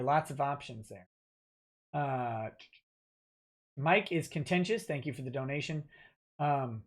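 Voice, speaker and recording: Reading out donations on his livestream, this host replies off the cuff in casual chat, full of fillers and restarts. He speaks slowly in a medium-pitched voice, pausing often.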